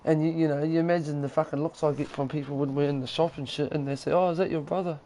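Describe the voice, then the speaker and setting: A man's voice: a little high, flat delivery, quick pace, mellow, slight background noise, poor audio. A man with a New Zealand accent chatting casually as a game streamer from his lounge, rambling and profane. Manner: rambling, profane and laid-back. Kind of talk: casual chat. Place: lounge at home.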